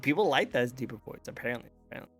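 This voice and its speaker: A man's voice: mid-range voice, animated, racing, fairly bright tone, faint music behind. A man hosting a casual interview chat, rambling and laughing often. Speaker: interview show host. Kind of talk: casual chat over a call.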